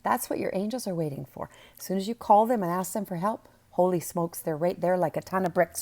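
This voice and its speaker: A woman's voice: lowish voice, fairly quick, few pauses, darkish tone. A woman teaching a spiritual webinar, talking to the viewer in a soothing, earnest and emphatic way.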